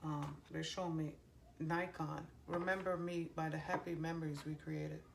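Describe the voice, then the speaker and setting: A woman reads cards as a medium, stopping often with ums and half-started phrases. Her voice sits low and has a gravelly fry. A faint hiss stays under it the whole time. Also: little pitch movement. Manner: halting, many ums and restarts, relays heard messages. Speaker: psychic medium giving a card reading. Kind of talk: channeled reading to viewers. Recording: faint background noise.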